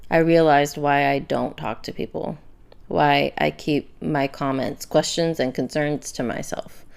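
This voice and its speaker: Podcast host, young woman, low and gravelly, candid, halting, emotional. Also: fairly even intonation. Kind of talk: personal faith-based podcast monologue.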